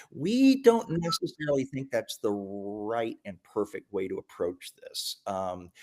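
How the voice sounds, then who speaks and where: A man presenting a live software demo, talking enthusiastically, with lots of ums and restarts. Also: fairly low pitch. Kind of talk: live product demo talk.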